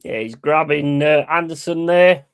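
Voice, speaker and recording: Man, slightly high voice, live football watch-along, blunt sweary play-by-play. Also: unhurried, smooth. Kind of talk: live match commentary.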